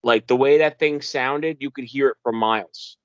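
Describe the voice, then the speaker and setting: A young New Yorker, a guest in a casual storytelling interview, recounts his encounter in the wilderness. He's animated and uses lots of fillers, acting out the quoted voices of the people involved in a raised voice. His pitch is medium, his speed normal, his tone clean, and the recording dry.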